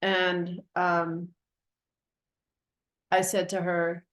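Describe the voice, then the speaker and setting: Woman w a lowish voice telling her dream story, earnest, keeps restarting her sentences. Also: completely flat delivery, very slow, fairly bright tone. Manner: earnest, reflective storytelling with frequent self-corrections. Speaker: guest. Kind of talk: recounting a personal dream.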